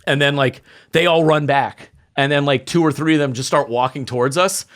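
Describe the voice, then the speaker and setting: Animated New man telling stories. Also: on the high side, fairly quick. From New York. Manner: animated storyteller acting out quotes, many fillers. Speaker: guest. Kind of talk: casual storytelling chat.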